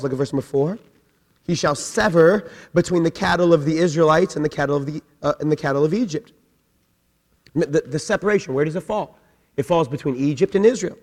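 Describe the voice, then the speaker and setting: Man preaching, high voice, middle-aged pastor, conversational sermon, long hall reverb. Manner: conversational preaching with acted-out quotes.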